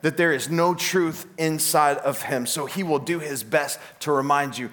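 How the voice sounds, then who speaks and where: A pastor preaches a sermon animatedly, acting out the voices he quotes. His voice is a little high, at normal speed with hardly any pauses.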